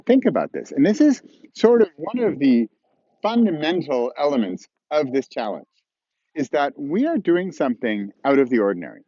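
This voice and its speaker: An animated man teaches a writing lesson outdoors, playfully acting out voices and questions with a lively, swooping pitch. The sound is dry and a little dull, as if from a small camera mic. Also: no echo. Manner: playful, acts out tones and imagined dialogue. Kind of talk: casual outdoor video lesson. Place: outdoors on a snowy slope with skiers passing.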